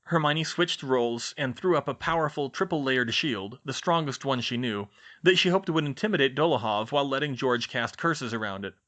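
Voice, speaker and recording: A man narrating a fan fiction audiobook in a lively, expressive reading. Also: mid-range voice, moderate pace. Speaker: audiobook reader.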